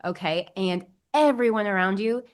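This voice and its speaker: A woman's voice: mid-range voice, moderate pace. A young woman hosting a solo podcast as a bridal alterations specialist, chatty and bubbly with gushing exclamations.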